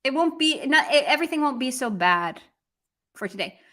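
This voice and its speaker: A woman teaching a language lesson on a live stream, lively and chatty, answering viewers as she explains. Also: high voice, normal speed. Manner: lively, switches between English and Russian, chats with viewers.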